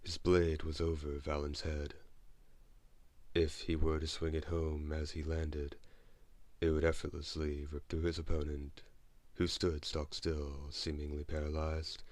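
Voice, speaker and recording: A man reading an audiobook as narrator, in a measured, steady way. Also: extremely low pitch, dry recording. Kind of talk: scripted narration.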